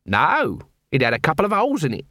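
A man's voice: on the high side, wildly swooping pitch, fast talker, pushed and bright, dry recording, studio quality, voice pushed up, full character voice. A man voicing a scruffy, crude male corporal who talks coarse and cheeky.

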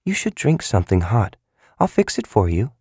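A man voicing a tall young woman who speaks in a friendly, close, soft way. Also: fairly low pitch, sing-song, moderate pace, husky, no echo, exaggerated voice.

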